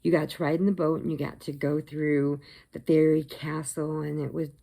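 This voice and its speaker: A middle-aged woman telling long, animated stories in a casual vlog, laughing at her own jokes. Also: sits low, moderate pace, vocal fry. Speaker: crochet vlogger. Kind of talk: casual storytelling.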